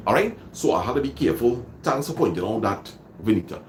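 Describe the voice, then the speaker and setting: A man from Trinidad and Tobago, with a Trinidadian accent, hosts a motivational livestream, greeting viewers and dramatically repeating phrases for emphasis. His mid-range voice is expressive and fairly quick, with a little hiss or hum in the audio.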